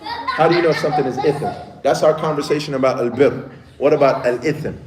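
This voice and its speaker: A man's voice: a little high, a little fast, a crowd in the background, noisy background. A man who is a teacher giving a casual lesson to children, often checking in with the class as he talks. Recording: echoey room with faint ambience.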